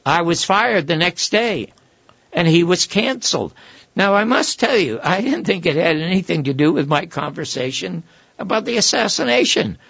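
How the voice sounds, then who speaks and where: An older man, a guest, telling long anecdotes and acting out the quoted voices, with a gravelly, husky voice. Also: sits high, moderate pace, no echo, highs cut off. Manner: animated storyteller who acts out quoted voices. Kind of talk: anecdotal storytelling.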